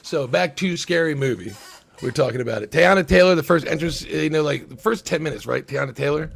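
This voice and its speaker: A man's voice: a little high, fairly quick, creaky. A man hosting a livestream discussion show, talking in a rambling, profane way and acting out movie lines. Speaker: podcast host. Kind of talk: casual livestream chat.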